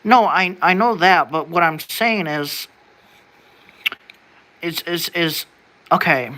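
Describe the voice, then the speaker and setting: An American vlogger muses casually to the camera, rambling and wondering aloud, often restarting sentences as questions stack up and swearing now and then. The voice is bright and sharp-edged, medium in pitch, and slow.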